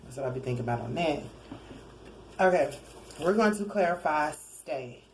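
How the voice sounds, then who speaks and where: A woman with a low voice talks through a tarot reading in a loose, conversational way. She wanders off track, corrects herself mid-sentence and slips in chuckling asides. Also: lively intonation, moderate pace, a little hiss or hum, rough recording. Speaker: tarot card reader. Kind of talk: casual spoken tarot reading.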